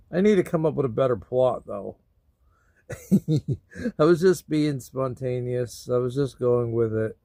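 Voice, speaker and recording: A man vlogging about feeling sad and sleepy, talking in a slow, rambling way with sudden loud bursts. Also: medium pitch, expressive, gravelly, dry recording, clean studio sound. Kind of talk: emotional personal vlog.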